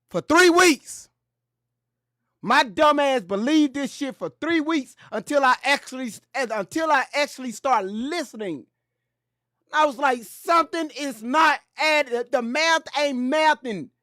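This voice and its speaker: A man hosting a commentary channel, talking in an animated, joking way full of slang and profanity. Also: very high voice, no room sound, clean studio sound. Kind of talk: casual commentary.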